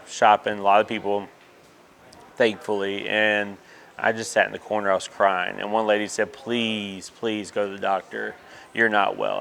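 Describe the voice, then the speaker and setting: Lower-voiced man telling his story. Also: fairly bright tone. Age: 30s. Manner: candid, emotional storytelling with many fillers. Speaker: interviewee. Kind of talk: personal story in an interview.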